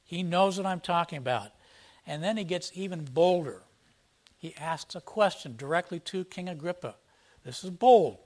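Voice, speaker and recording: This expository sermon comes from a pastor whose voice sits high with a darkish tone. Going verse by verse, he explains scripture plainly, like a teacher, and reads passages out with emphasis. He is emphatic throughout, and the scripture readings build in force.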